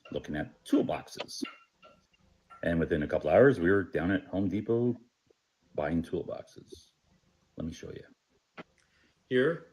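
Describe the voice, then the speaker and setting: A man's voice: low-pitched, a little mellow, a little hiss or hum. A man speaking casually and matter-of-factly as he shows his home kitchen. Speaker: homeowner showing a kitchen. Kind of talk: casual show-and-tell.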